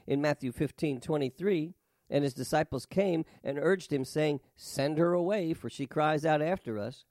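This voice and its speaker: A man's voice: on the high side, darkish tone, dry recording, clean studio sound. A man preaching a sermon and reading scripture aloud, with an emphatic, rhythmic delivery that lifts on key words.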